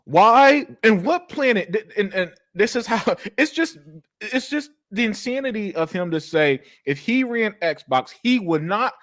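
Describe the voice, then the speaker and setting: A man's voice: high voice, animated, a little slow, fairly bright tone. A man hosting a casual opinion chat, combative, often repeating his words.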